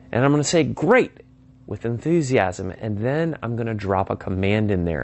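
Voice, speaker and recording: A man's voice: on the low side, a little mellow. A man giving an instructional talk on phone sales, emphatic and acting out sample call lines. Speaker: sales trainer.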